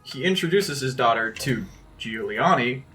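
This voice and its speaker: A man's voice: medium pitch, expressive, moderate pace, bright, forceful tone, soft background music. A man at a tabletop game, chatting and telling a story to his friends. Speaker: player. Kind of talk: casual chat at a tabletop game.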